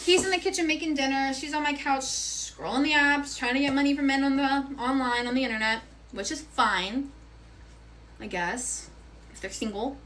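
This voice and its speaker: A young woman with a high voice tells a storytime in a frank, rambling, profane way. She speaks casually while cooking at home. A loud sizzling pan and stirring sound behind her. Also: normal speed, a little hiss or hum, low-quality recording.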